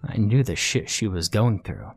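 A man narrating a first-person horror story in a tense, measured, scripted way. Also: on the low side, sing-song, creaky, husky, soft background music.

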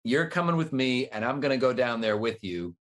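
A man's voice: mid-range voice, expressive, a little fast, natural voice. A man putting on a bossy, curt mother. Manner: curt, impatient. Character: bossy uncaring mother, middle-aged woman.

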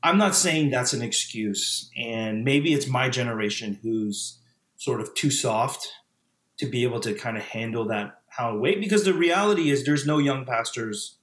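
A man's voice: medium pitch, normal speed, a bit bright. Reflective man in an echoey room. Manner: reflective, many fillers and self-restarts. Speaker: podcast guest, former pastor. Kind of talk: casual conversational interview.

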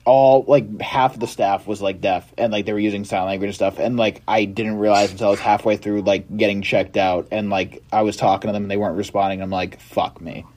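A young man telling stories in casual podcast chat, animated, with lots of swearing and filler words. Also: lowish voice, a little fast, few pauses, slight background noise.

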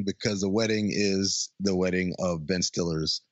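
Man, podcast co-host, animated film recap, mid-pitched, dry, muffled sound. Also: normal speed, no room sound. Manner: animated, jumps in to add details, acts out quotes. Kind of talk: casual chat recapping a film.

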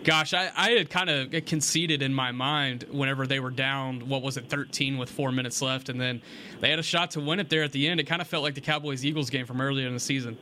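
Male co-host, rapid delivery, sharp bright tone. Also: medium pitch, a little hiss or hum. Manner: quick, joking. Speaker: sports radio co-host. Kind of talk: casual sports talk.

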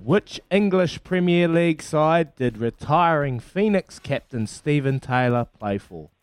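A breakfast radio host with a New Zealand accent runs a call-in quiz in a brisk, matey way. His voice sits a bit high for a man. The studio sound is close and dry, with soft music underneath. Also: lively intonation, clean tone, no echo. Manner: brisk and matey, counting down loudly. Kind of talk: upbeat radio quiz hosting. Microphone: studio microphone.

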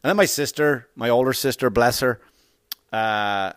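A man's voice: medium pitch, normal speed, a bit bright, clear, resonant tone, no echo, clean studio sound. A man with an Irish accent telling rambling, profane anecdotes in casual chat, often laughing as he goes. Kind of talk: casual storytelling.

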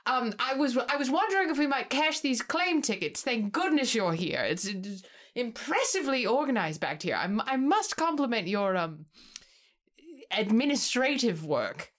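Brief: woman doing a prissy, genteel tabletop heroine, higher and brighter than her own voice, formal and flustered. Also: sing-song, moderate pace. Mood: sweetly innocent. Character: prim, overly polite woman adventurer.

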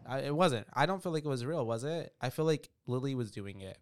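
A man's voice: mid-range voice, animated, brisk, dry recording. A man co-hosting a podcast, casually recapping a movie with loose, profane storytelling and lots of fillers. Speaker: podcast co-host.

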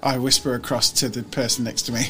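A man's voice: mid-range voice, little pitch movement, fast talker, pushed and bright. A man playing in a tabletop game, earnest and flustered as he speaks in character. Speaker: player.

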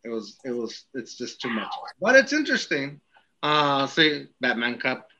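A man hosting a podcast in casual chat, rambling and halting, often laughing. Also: mid-range voice, big pitch swings, pushed and bright, lo-fi sound. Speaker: podcast host.

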